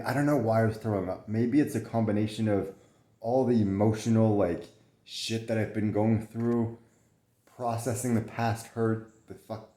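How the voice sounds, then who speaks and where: A man's voice: lowish voice, warm tone, roomy sound. A young man talking candidly from bed in a casual vlog, swearing often, restarting his sentences, coughing and short of breath. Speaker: vlogger sharing his illness. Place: in bed at home.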